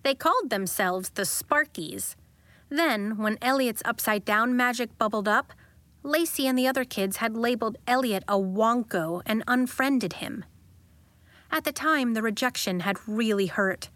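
A woman narrates a children's audiobook in a calm, measured way. Her voice sits somewhat high and her pace is slow, recorded close and dry. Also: dry recording.

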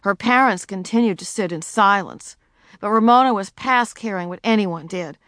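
A woman narrating a children's storybook with expressive delivery. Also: medium pitch, moderate pace, dry recording, studio quality. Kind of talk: audiobook narration.

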